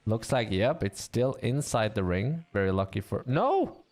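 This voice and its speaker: A man commentating an online game league, chatty and bantering with viewers, with a voice getting a bit rough. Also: fairly low pitch, normal speed. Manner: chatty, animated, laughs and banters with chat.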